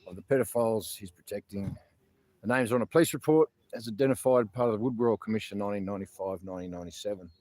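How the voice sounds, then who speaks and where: A man's voice: medium pitch, a little mellow, dry recording. An Australian man hosting a casual outdoor livestream, talking in an earnest, rambling way with many fillers and restarts. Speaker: protest livestream host. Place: outdoors in a public garden.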